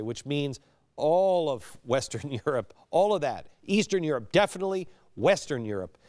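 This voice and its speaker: A middle-aged man delivers a televised political monologue in a highly animated voice that climbs and plunges. He swings between hushed, slow warnings and forceful emphasis, and the sound is close and dry with no room around it. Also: smooth, dry recording. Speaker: host.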